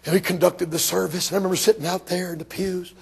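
Older man, preacher, very husky, gravelly, higher voice, storytelling sermon, hushed to shouting. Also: level tone, quick pace. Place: church before a congregation.

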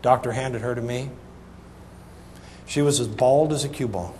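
A middle-aged man preaching a sermon, telling a humorous story in an animated, folksy way that swings between loud punchlines and soft asides. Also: mid-range voice, normal speed, a little hiss or hum. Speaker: pastor. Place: church sanctuary. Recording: reverberant church hall, faint ambience.

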